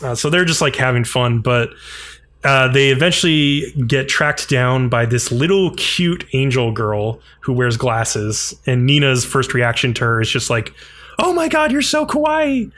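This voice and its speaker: A man's voice: medium pitch, measured pace. A man co-hosting a podcast, casually recapping an episode and briefly acting out the characters' lines. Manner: animated retelling, frequent "like", acts out characters' lines. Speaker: podcast co-host.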